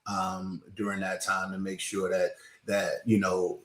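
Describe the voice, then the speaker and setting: A man's voice: sits low, monotone, measured pace, fairly bright tone, reverberant. A man who is a city council candidate, joining an interview by video call and talking in a playful, hyping way that repeats phrases. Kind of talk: casual interview chat.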